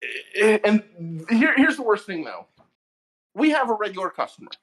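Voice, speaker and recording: A man's voice: sits high, moderate pace. Guy co-hosting a podcast, rambling work story, voice going up and down a lot. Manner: animated storytelling, stammers at starts. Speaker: podcast co-host. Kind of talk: casual storytelling chat.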